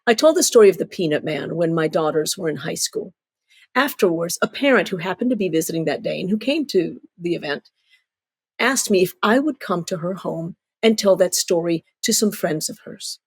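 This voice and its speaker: A middle-aged woman from Cuba, an author telling stories in an interview, animated and acting out voices. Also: on the low side, moderate pace, husky, dry recording. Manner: animated storyteller, acts out voices. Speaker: children's author and storyteller. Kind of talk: storytelling interview.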